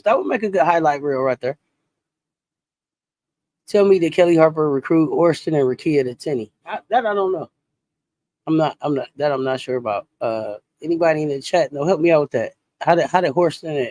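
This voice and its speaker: A woman hosting a casual sports talk livestream, animated and chatty, greeting viewers and reacting to chat comments. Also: deep voice, fairly quick, no echo. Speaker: sports talk show host.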